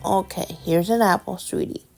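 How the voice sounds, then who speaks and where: A woman playing a patient young mother who talks to her small son in a soft, coaxing way. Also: medium pitch, normal speed, vocal fry, faint music behind. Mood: soothing.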